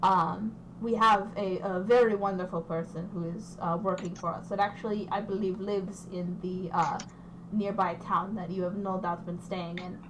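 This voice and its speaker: A man's voice: high voice, flat delivery, background noise, lightly acted. Woman putting on a persuasive male rebel leader. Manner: halting formal speech with a put-on foreign accent.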